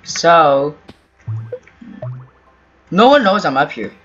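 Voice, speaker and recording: A man's voice: on the high side, big pitch swings, very slow, fairly bright tone. A man giving casual, rambling commentary over his own gameplay, talking to himself and pleading with other players, with keyboard typing behind him. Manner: rambling, self-talk, pleading and teasing. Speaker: gaming YouTuber. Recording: dull lo-fi audio with faint game music. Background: keyboard typing and faint music.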